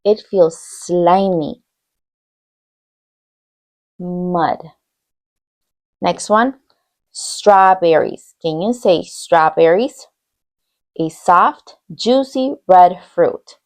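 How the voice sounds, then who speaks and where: Fairly low and darkish, this woman's voice moves extremely slowly with long pauses. She's a bilingual teacher giving young children a slow classroom lesson, reading words aloud in English and Spanish and repeating each one with patient encouragement.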